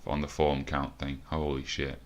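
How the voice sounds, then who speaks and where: A man's voice: extremely low pitch, monotone, moderate pace. A man commentating his own football management game, frustrated, swearing and thinking aloud. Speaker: gaming video host. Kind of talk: let's play commentary.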